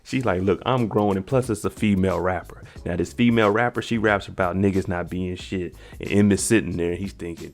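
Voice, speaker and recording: Gravelly-voiced man recapping a show. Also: on the low side, brisk, faint music behind. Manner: animated, acts out characters' lines in voices. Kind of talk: casual reaction recap.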